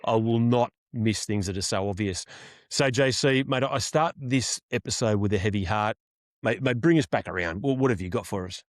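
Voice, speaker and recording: A man's voice: lowish voice, normal speed, no room sound, studio quality. An Australian man in his forties, co-hosting a sports podcast in a mock-solemn, self-deprecating way and saying "mate" often. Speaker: podcast co-host. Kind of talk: casual sports podcast chat.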